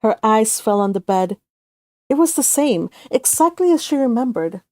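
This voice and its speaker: Mellow-voiced woman narrating a story. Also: fairly high pitch, sing-song, normal speed, no room sound. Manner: soft, emotive, with occasional self-corrections. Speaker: fanfic author and reader.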